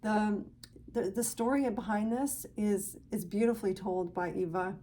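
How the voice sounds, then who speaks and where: A woman's voice: mid-range voice, measured pace, warm tone, slight background noise. A woman hosting a knitting podcast, chatting casually to viewers in a gushing, grateful way.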